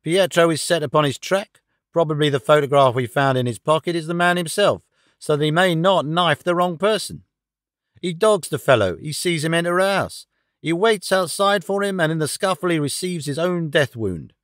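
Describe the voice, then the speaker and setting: A man voicing a brisk, self-satisfied police inspector in an audiobook. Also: a little high, expressive, no room sound, clean studio sound, close to an everyday voice. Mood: boastful. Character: blustering confident male police inspector.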